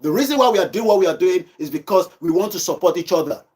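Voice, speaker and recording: High-pitched Yoruba-accented man exhorting listeners. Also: expressive, fast talker, a little mellow. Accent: Nigerian, Yoruba. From Nigeria. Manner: switches between English and Yoruba, exhorting. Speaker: online activist show host. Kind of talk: livestream commentary. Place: kitchen at home.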